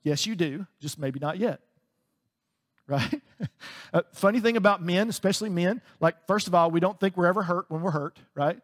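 A man preaching a sermon as a pastor, conversational and animated, often laughing between points. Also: sits high, moderate pace, big-room sound. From United States.

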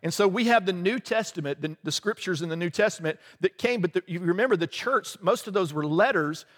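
A man's voice: high-pitched, fairly quick, fairly bright tone, long reverb tail. A man preaching a conversational sermon, with laughing asides and a habit of asking "right?" to his listeners. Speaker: pastor.

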